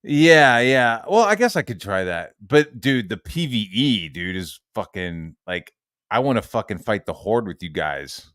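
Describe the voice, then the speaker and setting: A man hosting a casual, profanity-heavy chat about a video game, animated and acting out quoted voices. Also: lowish voice, a little slow, no room sound, studio quality. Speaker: host.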